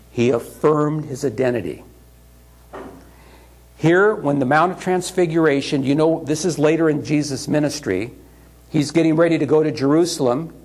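Guy preaching a sermon, kinda husky, chatty, does little voices for the quotes. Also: on the high side, darkish tone. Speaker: pastor.

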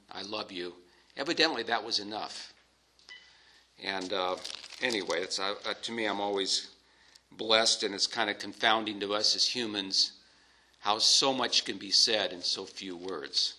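A male preacher with a strikingly bright, sharp voice at an ordinary pitch. He teaches through scripture in a measured, emphatic sermon, pausing often to drive points home. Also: poor audio.

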